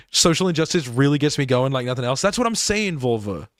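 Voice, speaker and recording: A man's voice: medium pitch, expressive, normal speed, dry recording, studio quality. A man streaming a game live, rambling and laughing as he talks to his chat.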